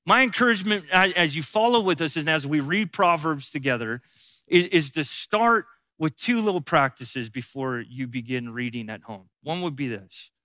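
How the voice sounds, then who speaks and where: A man with a high, bright voice leads a Bible teaching like a pastor. He speaks conversationally and repeats key phrases for emphasis, recorded close and dry. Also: lively intonation, moderate pace, no echo.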